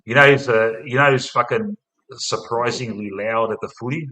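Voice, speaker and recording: A rowdy Australian podcast host in casual chat. His mid-range voice is bright and forceful, and he swears freely and ends almost every line with "mate". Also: mid-range voice, normal speed, poor audio.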